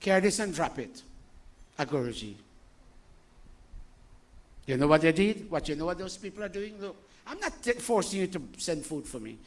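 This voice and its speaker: An older man delivers a loose, chatty sermon to his congregation. His voice sits a little high, and he swings between teasing questions and sharp, scolding bursts. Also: moderate pace, long pauses. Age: 60s. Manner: animated, scolding, jokey asides, rhetorical questions. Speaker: spiritual teacher.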